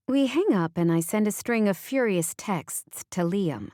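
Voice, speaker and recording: A woman's voice: mid-range voice, animated, measured pace, hardly any pauses, dark tone, no echo. A woman narrating a romance audiobook in the first person, in a wry, conversational way, on a studio microphone.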